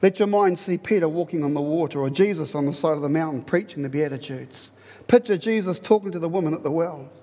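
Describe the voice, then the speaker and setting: A man preaching a sermon in a lively, conversational way, repeating phrases for emphasis. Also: a little high, fast talker, big-room sound. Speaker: pastor.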